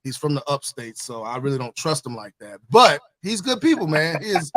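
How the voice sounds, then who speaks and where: A man's voice: a little high, very animated, a little fast, a bit bright. A man hosting a casual livestream chat, laid-back and repeating his phrases. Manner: laid-back, repeats phrases, says "you know what I'm saying". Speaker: livestream host.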